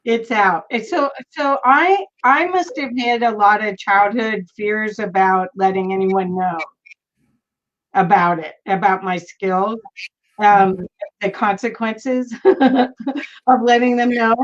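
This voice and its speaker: A middle-aged woman hosting a casual interview chat, telling stories with animated laughter. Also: medium pitch, slow. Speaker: host. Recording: dull lo-fi sound.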